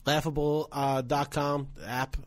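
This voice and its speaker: A man's voice: a little high, little pitch movement, unhurried, no echo. A man co-hosting a podcast in casual chat, joking and teasing his partner. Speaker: podcast co-host.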